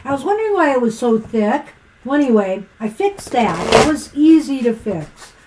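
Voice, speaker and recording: A woman with a high voice chats casually on a live stream, rambling a little as she gives gently encouraging tarot readings. A faint hiss sits under her voice. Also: sing-song, normal speed. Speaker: co-host and tarot reader.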